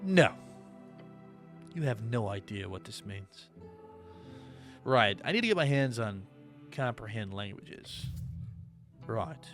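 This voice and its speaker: A man playing a game demo who reads its narration aloud and breaks off into quick, dramatic reactions. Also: on the low side, expressive, fairly bright tone, faint music behind. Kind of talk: let's-play commentary, reading game text aloud.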